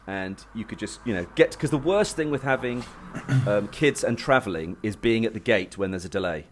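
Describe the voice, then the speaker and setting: A man telling a travel story and chatting about gadgets on a casual show, rambling with restarts. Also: fairly low pitch. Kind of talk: casual chat.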